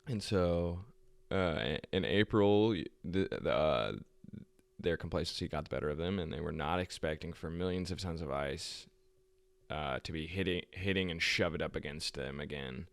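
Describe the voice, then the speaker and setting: Deep gravelly young man rambling. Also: normal speed, no room sound. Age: young adult. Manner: rambling, profane, laughs often. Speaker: podcast host. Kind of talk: casual storytelling chat.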